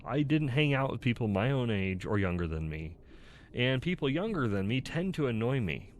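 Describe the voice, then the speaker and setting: Very animated and at a moderate pace, a man with a mid-range voice reads personality test questions aloud and answers them openly, rambling and laughing at himself. He's a YouTuber casually recording an online test, and a little hiss or hum can be heard.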